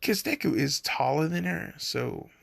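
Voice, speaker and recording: A man's voice: on the high side, expressive, measured pace, gravelly, fairly bright tone, dry recording. A young man casually retelling a fan story, rambling with lots of fillers and laughing at himself.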